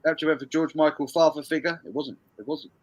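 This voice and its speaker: A man with a slightly high voice and fairly steady intonation talks quickly as he hosts a music quiz on a charity live stream. He reads out viewers' answers and banters with them, swearing and laughing often.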